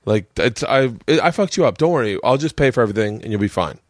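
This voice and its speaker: Forties male podcast host, buzzed, rambling profane storyteller; lively pitch, dry close sound. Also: fast, no room sound. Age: 40s. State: tipsy from drinking. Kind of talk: casual storytelling chat.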